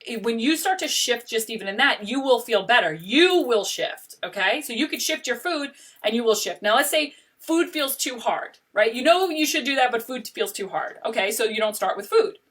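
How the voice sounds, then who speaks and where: A woman's voice: on the high side, lively intonation, normal speed, hardly any pauses, fairly bright tone. Emphatic woman coach, slightly distant mic. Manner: emphatic, keeps checking in with "okay?" and "right?". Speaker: life coach and host. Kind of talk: casual motivational talk.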